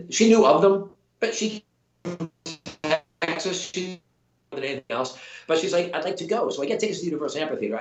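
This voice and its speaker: A middle-aged man, an actor guest, telling a long story in casual chat with many restarts and quoted voices. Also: fairly high pitch. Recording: roomy echo.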